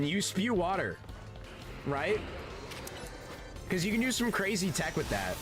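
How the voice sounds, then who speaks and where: A man streaming a game and chatting casually, rambling and laid-back, often saying "dude" and swearing. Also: high voice. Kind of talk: casual gaming stream chat.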